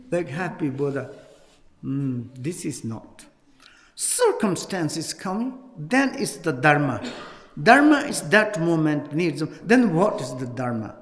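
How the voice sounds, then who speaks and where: A Buddhist teacher giving a Dharma talk at a retreat in halting English, earnest and repeating words for emphasis. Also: male voice, a little high, fairly bright tone, in a large hall. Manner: halting non-native English, many fillers and restarts.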